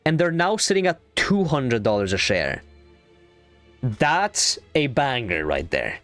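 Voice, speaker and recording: A young adult man streaming a game, chatting casually in a rambling, excitable way and swearing freely. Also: medium pitch, slow, faint music behind. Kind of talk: casual gaming stream chat.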